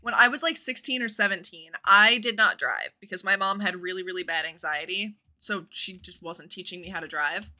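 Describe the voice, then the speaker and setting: A woman's voice: medium pitch, brisk, few pauses, sharp tone. A woman in her twenties, a livestreamer chatting casually and rambling while she plays a game, with the odd casual swear.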